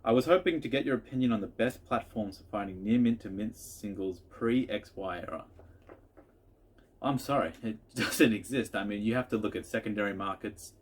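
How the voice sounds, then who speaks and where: Husky-voiced man rambling through viewer questions. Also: lowish voice, moderate pace. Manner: rambling, chatty, with frequent restarts. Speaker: card collector answering viewer questions. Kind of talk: casual Q&A vlog.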